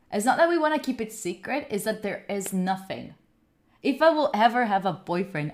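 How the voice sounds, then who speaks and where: A young Italian woman with an Italian accent, chatting casually with her stream chat, laughing often and answering viewers' questions. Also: mid-range voice. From Italy. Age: young adult. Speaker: study streamer.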